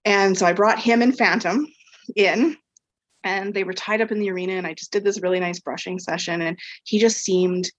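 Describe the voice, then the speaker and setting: Speaking at a moderate pace with a steady, medium-pitched tone, this equine therapy practitioner tells a podcast a personal story in a loose, meandering way, constantly saying "like" and "um." The audio is dull, with no room sound.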